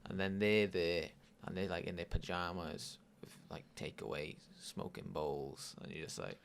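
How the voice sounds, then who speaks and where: A man's voice: low-pitched, normal speed, vocal fry, slight background noise. A man, co-hosting a podcast, telling a laid-back story with dry asides. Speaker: podcast co-host. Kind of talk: casual chat.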